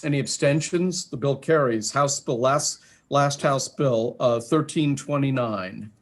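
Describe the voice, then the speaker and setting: A man chairing a legislative committee session, calling votes in a brisk, procedural way with dry jokes. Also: mid-range voice. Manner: brisk, procedural, dryly joking.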